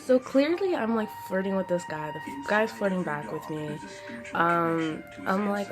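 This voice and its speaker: A young woman hosts a story-time vlog, talking in a lowish voice. She rambles animatedly with frequent "like"s. Music plays clearly under her voice. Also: moderate pace. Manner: chatty, animated storytelling with many "like"s. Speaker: vlogger. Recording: music playing behind the voice.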